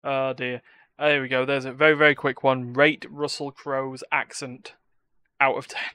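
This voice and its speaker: A man's voice: mid-range voice, level tone, moderate pace, pushed and bright, smooth, no echo. A man hosting a casual gaming podcast, talking in a rambling, opinionated way with many restarts. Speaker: podcast host. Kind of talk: casual chat.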